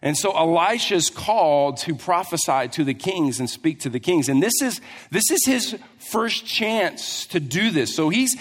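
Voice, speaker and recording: A man preaching a sermon, telling a Bible story with lively asides and acting out the characters. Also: a little high, unhurried, breathy edge. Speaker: pastor. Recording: long hall reverb.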